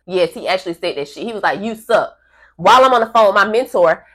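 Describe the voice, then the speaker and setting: A woman telling a long personal story to her camera in a casual, animated way, swearing freely and acting out the people in it. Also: medium pitch, quick pace.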